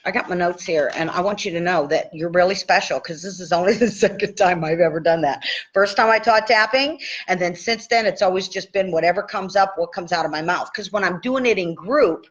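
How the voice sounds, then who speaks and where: A woman in her sixties coaching tapping in a casual live session, chatty and animated, checking in with listeners often. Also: lowish voice, normal speed. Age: 60s. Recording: dull lo-fi live stream audio.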